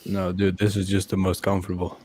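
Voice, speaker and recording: A man from Europe joining a live stream as a guest, relaxed and easygoing in casual chat. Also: sits low, fairly quick, slightly rough.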